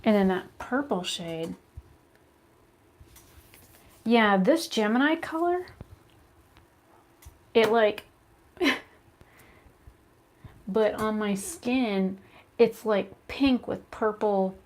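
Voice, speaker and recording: A woman's voice: medium pitch, drawn-out words, long pauses. Chatty woman vlogging while doing makeup. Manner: chatty, rambling, animated storytelling with laughs. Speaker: beauty vlogger. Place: her home, indoors. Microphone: phone camera at arm's length.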